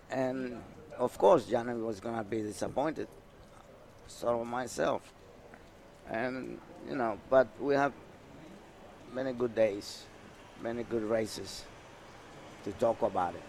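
An older Panamanian man, a former jockey, reminisces about races in a slow, deliberate way, his Spanish accent colouring each phrase. He gets animated in the thick of a story and then trails off softly. A faint hum of ambience sits under the voice. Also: mid-range voice, vocal fry. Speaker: retired jockey. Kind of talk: reminiscing interview.

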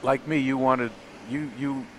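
A man hosting an interview who asks questions in a relaxed, conversational way. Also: medium pitch, measured pace. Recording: faint air-conditioning hum.

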